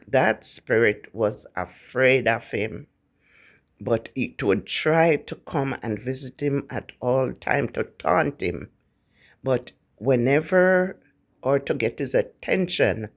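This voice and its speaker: A man with a Jamaican accent telling a ghost story in a casual, animated way, often repeating words. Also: mid-range voice.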